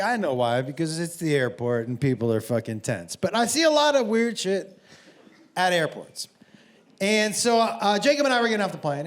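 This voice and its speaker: A middle-aged man doing stand-up comedy, telling stories in a brash, profane, animated way on a comedy club stage. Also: high voice. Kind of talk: stand-up storytelling. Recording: live show with roaring crowd.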